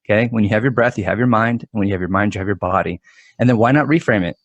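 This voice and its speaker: A man in his forties, a guest mental performance coach, telling stories in an animated, quick-talking way with frequent restarts. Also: lowish voice, dry recording. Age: 40s. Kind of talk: conversational storytelling.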